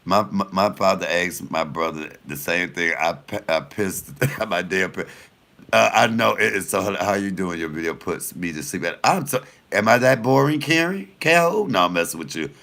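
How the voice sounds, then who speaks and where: A comedian man tells stories to his viewers in a lively, swooping voice that sits low and turns gravelly. His tone has a bright, forceful edge, and he swears freely as he talks. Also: moderate pace. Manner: animated, profane, laughing storyteller; addresses viewers directly. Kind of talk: casual storytelling to viewers.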